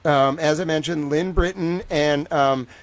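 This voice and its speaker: A man from Boston with a Boston accent, hosting a casual livestream chat in an excitable, rambling way, swearing freely. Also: on the high side, unhurried. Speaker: livestream host.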